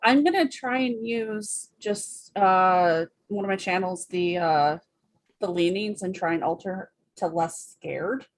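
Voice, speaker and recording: A woman's voice: mid-range voice, slow. A woman playing a tabletop role-playing game, speaking assertively and slipping into her character's voice. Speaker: player. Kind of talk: casual tabletop play.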